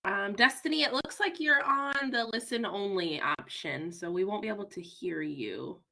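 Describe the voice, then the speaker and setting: Gravelly, bright-voiced woman hosting a call. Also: medium pitch, moderate pace, low-quality recording. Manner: easygoing, repeats "all right" between readers. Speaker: host of a reading session. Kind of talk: casual online class hosting. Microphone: video call.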